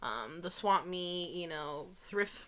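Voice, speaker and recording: A woman's voice: fairly low pitch, animated, slow pace, a bit bright. A woman co-hosting a review podcast in casual chat, blunt and emphatic, full of fillers. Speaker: podcast co-host.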